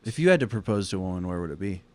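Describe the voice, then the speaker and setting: A young man co-hosting a casual comedy podcast, teasing his partner with quick hypothetical questions. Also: deep voice, lively intonation, a little mellow. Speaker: podcast co-host.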